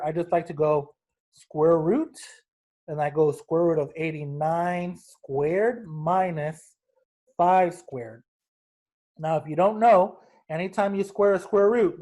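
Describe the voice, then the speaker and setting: A man's voice: fairly high pitch, a little mellow. A young adult man teaching a recorded math lesson, explaining steps casually with jokes and calling his students guys.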